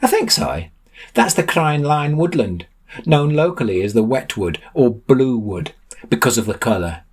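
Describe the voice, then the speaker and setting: A man's voice: medium pitch, lively intonation, breathy edge, pitched above the performer's own voice. A man voicing a pompous, self-assured young man who declaims grandly. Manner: grand, declaiming, ominous pauses.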